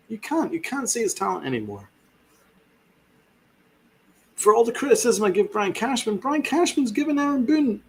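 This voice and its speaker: A man's voice: very high-pitched, vocal fry, slight background noise. A man hosting a sports podcast, ranting with fiery sarcasm and heavy swearing. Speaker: podcast host.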